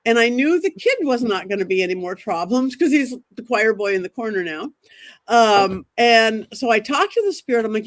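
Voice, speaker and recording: A woman's voice: fairly high pitch, moderate pace. Lady medium telling a ghost story all worked up, keeps acting out what everyone said. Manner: excitable, quotes herself and others in dramatic asides. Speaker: psychic medium guest. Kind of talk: animated storytelling.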